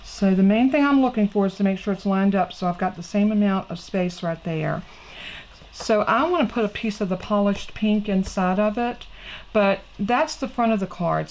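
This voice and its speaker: A woman's voice: medium pitch, a little fast, a little hiss or hum, poor audio. A middle-aged woman, hosting a casual craft tutorial in a chatty, folksy way and talking straight to her viewers. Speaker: crafting channel host.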